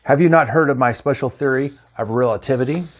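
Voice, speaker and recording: A man voicing an old male physicist who gravely warns a starship crew of danger, in a read-aloud story. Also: mid-range voice, quick pace, close to an everyday voice. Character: older male physicist visitor, grave and prophetic.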